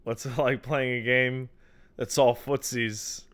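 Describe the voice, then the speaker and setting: Bright-voiced excitable man, crisp and smooth. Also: medium pitch, slow. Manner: excitable, laughs easily at his own jokes. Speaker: podcast co-host. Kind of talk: casual chat.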